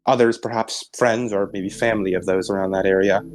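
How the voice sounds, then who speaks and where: A man narrating as game master in a tabletop role-playing game, describing scenes in a halting, searching way. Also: fairly low pitch, fairly even intonation. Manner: descriptive, halting, many restarts and fillers.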